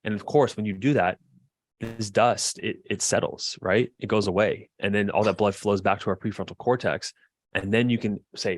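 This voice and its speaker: A man working as a marriage therapist, giving a lively coaching lesson in a chatty way and acting out quoted voices. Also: on the low side, a little fast, no room sound. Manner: lively, acts out quoted voices, chuckles often; conversational, frequent fillers like "like" and "right".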